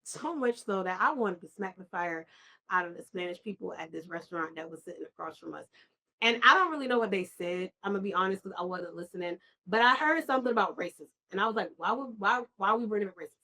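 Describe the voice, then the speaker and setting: A young woman from New York telling animated travel stories on a casual podcast over wine, acting out the people she quotes. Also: mid-range voice, fast. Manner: animated storytelling, acts out quoted voices. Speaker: podcast co-host.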